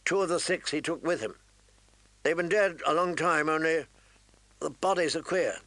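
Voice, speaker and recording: Earnest young watchman, insistent, gravelly but bright, reader does him. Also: fairly high pitch, normal speed, no room sound, voice pushed up. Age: young adult. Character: troubled young man of the watch.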